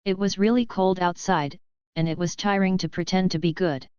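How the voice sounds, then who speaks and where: A woman narrating an audiobook novel in a steady, unhurried reading voice. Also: fairly low pitch, smooth, no echo, lo-fi sound.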